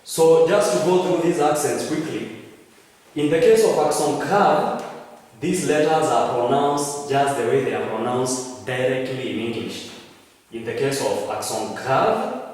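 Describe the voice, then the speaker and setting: A man gives a French lesson at a slow, patient pace, repeating each word and correcting himself as he goes. He stands well back from the mic, and his voice rings with a long, hollow reverb. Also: medium pitch, darkish tone. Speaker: French language teacher. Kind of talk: classroom lecture. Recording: echoey room, far from mic.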